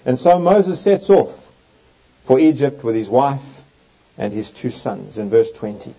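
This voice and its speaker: A gravelly man with a dark, medium-pitched voice preaches a Bible teaching sermon, reading scripture in a sing-song, slightly slow, emphatic and swooping way. It sounds like a lecture setting with an overhead projector running, captured on a dull lo-fi recording.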